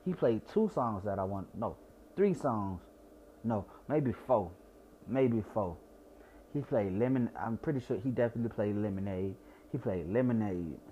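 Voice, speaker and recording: A man's voice: lowish voice, animated, normal speed, warm tone, dull audio, a little hiss or hum. A young man from Georgia with a Southern accent, slightly tipsy, rambling and repeating himself with stutters in a casual profane monologue. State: tipsy from wine.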